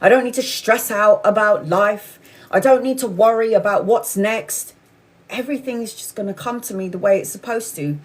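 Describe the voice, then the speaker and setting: A woman in her forties, hosting a casual spiritual livestream chat, telling candid stories with frequent swearing. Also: a little high. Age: 40s. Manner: candid, swearing, animated storytelling. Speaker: tarot reader livestream host.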